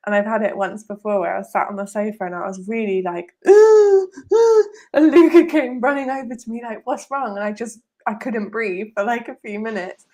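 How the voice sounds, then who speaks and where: A woman's voice: mid-range voice, fairly quick, hardly any pauses, a little mellow. A woman co-hosting a casual podcast chat, telling candid stories and acting out her own reactions. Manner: candid, storytelling with quoted reactions. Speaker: podcast co-host.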